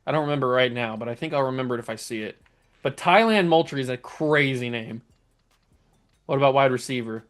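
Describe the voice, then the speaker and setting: A man's voice: mid-range voice, fairly quick, a bit bright. A young man hosting a gaming channel, chatting casually and laughing while reading through odd player names. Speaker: gaming YouTuber host. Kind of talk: casual game commentary.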